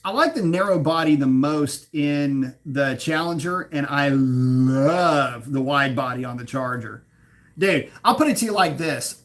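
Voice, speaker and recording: A man's voice: fairly high pitch, fairly bright tone. A man hosting a casual live car chat, reading viewers' comments aloud and riffing on them, swearing now and then and laughing at his own slips. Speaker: livestream host reading chat.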